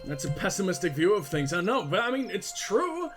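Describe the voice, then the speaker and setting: A man's voice: high-pitched, lively intonation, fast talker, fairly bright tone, soft background music. A man giving let's-play commentary as a streamer, crude, joking and sarcastic. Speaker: streamer playing a video game.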